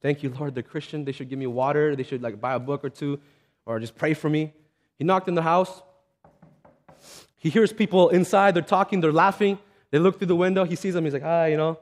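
A man's voice: fairly high pitch, steady tone, a little fast. A man preaching a sermon in a conversational, earnest way, telling stories and acting out the voices of the people in them. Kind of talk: sermon with storytelling.

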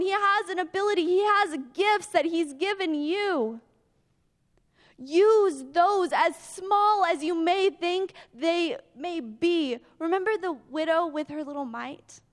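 A woman with a high voice preaches slowly and deliberately. She sounds earnest, climbing into pleading prayers and then sinking soft. Her words ring with a long hall reverb. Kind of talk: sermon.

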